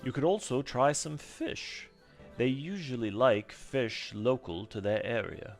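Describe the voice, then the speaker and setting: A man's voice: medium pitch, lively intonation, a little slow, soft background music. A man voicing a polite male shopkeeper in a put-on British accent, formal and helpful. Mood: courteous.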